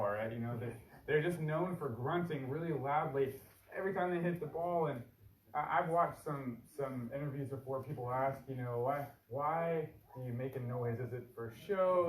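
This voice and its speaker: A man preaching a sermon in a relaxed, conversational way, often restarting his words. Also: a little high. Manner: conversational, folksy, repeats words at starts. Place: church sanctuary. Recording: echoey church sanctuary from far off.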